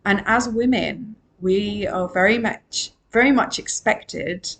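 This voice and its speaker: A woman's voice: mid-range voice, slow pace, creaky, a bit bright. A woman and emotional wellbeing coach giving a solo podcast monologue. She talks in an earnest, emphatic way and repeats her key phrases.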